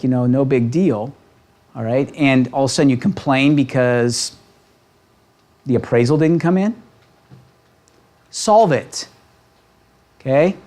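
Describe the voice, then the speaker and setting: A man leading a real estate training seminar, talking with a lively, coaching manner and checking in with the room constantly. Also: fairly high pitch. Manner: animated, asks the room constant "right?" questions. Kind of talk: motivational seminar talk. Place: seminar room with a live audience.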